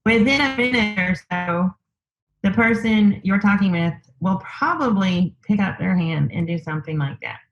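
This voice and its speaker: The female guest keeps working through her personal story at an easy pace, full of fillers as she thinks aloud in the interview. She has a mid-range voice, and the sound is lo-fi.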